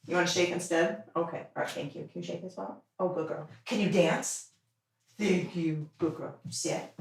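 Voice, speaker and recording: A young woman with a fairly low, gravelly voice streams from home at a normal pace. She chats casually while training her dog, giving it playful, coaxing commands.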